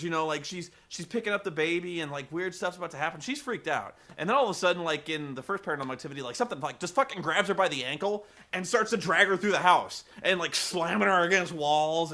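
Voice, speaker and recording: A man's voice: high-pitched, sharp tone. A man giving a comedic film review in a rambling, profane way, full of fillers.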